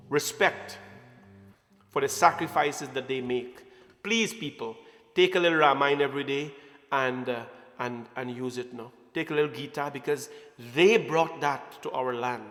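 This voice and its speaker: A man from Guyana with a Guyanese accent, giving an animated satsang talk to a congregation and calling them "my friends". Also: mid-range voice, unhurried, in a large hall. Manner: animated, addresses audience as "my friends", asks questions. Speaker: religious speaker.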